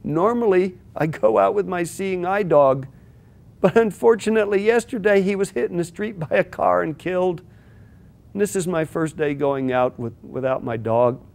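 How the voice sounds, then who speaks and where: Humble blind man, played by a man, lowered and quiet, apologetic. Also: moderate pace, gravelly. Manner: soft, apologetic.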